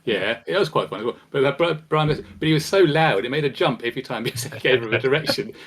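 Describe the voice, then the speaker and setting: A man's voice: medium pitch, expressive, quick pace, background noise. An older man, a veteran game developer, telling anecdotes as an interview guest and laughing often. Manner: chuckling, anecdotal. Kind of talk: casual interview chat.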